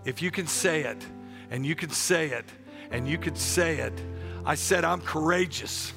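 Fiery, gravelly-voiced preacher man. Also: fairly high pitch, moderate pace, music in the background. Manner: preaching with rising shouts and call-and-response; joking asides to the congregation. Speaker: pastor. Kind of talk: passionate sermon.

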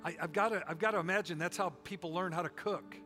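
A man's voice: sits high, fairly even intonation, fast, pushed and bright, faint music behind. A middle-aged man preaching a sermon with a folksy, joking and emphatic delivery. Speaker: pastor.

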